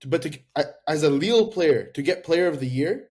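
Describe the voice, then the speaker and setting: A man's voice: fairly high pitch, lively intonation, normal speed, darkish tone, husky. A man pushing back bluntly and dismissively in a casual football debate on a podcast.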